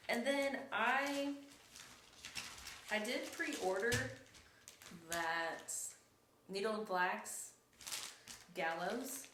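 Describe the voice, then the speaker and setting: A young woman hosts a cross-stitch vlog in an easy, chatty way, rambling and correcting herself as she goes. Her voice sits at an everyday middle pitch. The room sounds echoey, with faint background noise. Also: very slow, pauses often. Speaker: flosstube host. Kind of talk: casual show-and-tell vlog.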